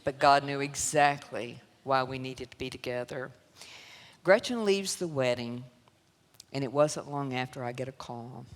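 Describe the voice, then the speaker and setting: A woman's voice: extremely low pitch, unhurried. A woman with a Southern US accent giving an emotional personal testimony to a church audience, telling her story with laughter and sorrow. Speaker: guest speaker. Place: church sanctuary. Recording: long church hall reverb.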